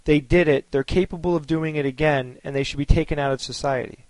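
A man with a high voice argues bluntly and insistently on a podcast panel. He talks in a casual way and keeps pressing his point. The sound is dry and close. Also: steady tone, brisk, darkish tone, no room sound. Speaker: podcast co-host.

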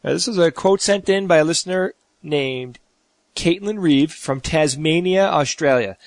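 A man's voice: a little high, normal speed, no echo. A man in his forties co-hosting a podcast, joking easily and reading out a listener quote. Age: 40s. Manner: joking, easygoing. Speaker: podcast co-host. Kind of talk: casual panel chat, reading a quote.

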